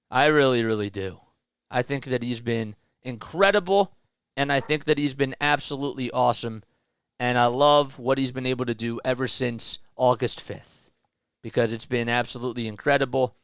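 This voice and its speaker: A man's voice: medium pitch, a bit bright, clean tone, no room sound, studio quality. A man hosting a solo sports show, ranting with frustration and emphasis about his team's losses and speaking directly to the manager. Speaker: sports commentary host. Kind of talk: solo fan rant about baseball.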